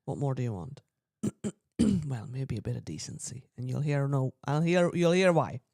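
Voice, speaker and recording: A woman's voice: extremely low pitch, moderate pace, no echo, clean studio sound. Chatty woman storyteller. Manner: chatty, quotes people in lively voices, frequent throat clearing. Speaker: podcast co-host. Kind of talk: casual storytelling chat.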